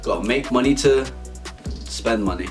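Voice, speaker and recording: A young man telling an absurd comic story in a rambling, stumbling, deadpan way. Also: medium pitch, normal speed. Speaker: vlogger. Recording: faint background music.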